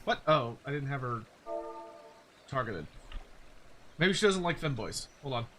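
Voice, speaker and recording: A man's voice: mid-range voice, expressive, unhurried, fairly bright tone, a little hiss or hum. A man streaming a game, chatting casually and joking, often stopping and restarting his sentences. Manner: rambling, joking, self-interrupting. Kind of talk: casual gaming commentary. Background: game music.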